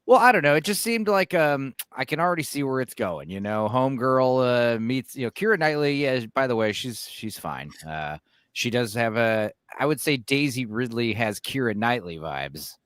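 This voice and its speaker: A man chats in a loose, wry way, full of fillers. His voice has a middle pitch and a dry, close sound. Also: animated, moderate pace, a bit bright, clear, resonant tone, dry recording. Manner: laid-back, sarcastic, laughs often. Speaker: guest. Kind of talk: casual chat.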